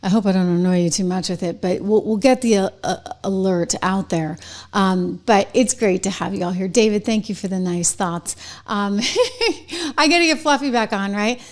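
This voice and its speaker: A woman's voice: medium pitch, steady tone, moderate pace, darkish tone. A middle-aged woman hosting her own live online show, chatting casually with viewers and laughing often between stories.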